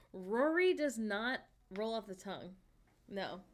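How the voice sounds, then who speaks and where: A woman's voice: fairly high pitch, big pitch swings, very slow. A woman in her thirties, chatting casually as a streamer and answering her viewers' messages. She talks in a loose, chatty way and laughs often.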